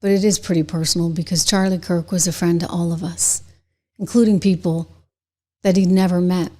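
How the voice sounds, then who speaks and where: A woman's voice: fairly low pitch, steady tone, fairly quick, dark tone. A middle-aged woman hosting her own show, speaking a political commentary monologue straight to her viewers with indignant, emphatic delivery. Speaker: show host.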